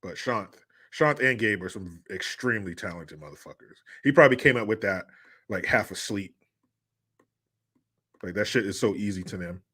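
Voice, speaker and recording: A man's voice: on the low side, expressive, normal speed, bright, forceful tone, slightly rough. A man hosting a live show, chatting casually, reading the chat and joking in a profane, rambling way.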